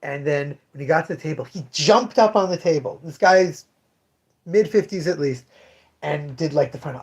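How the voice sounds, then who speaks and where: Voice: medium pitch, normal speed, a little mellow. Rambling comic shop owner telling stories. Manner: rambling anecdotal storytelling, many restarts. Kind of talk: casual livestream chat.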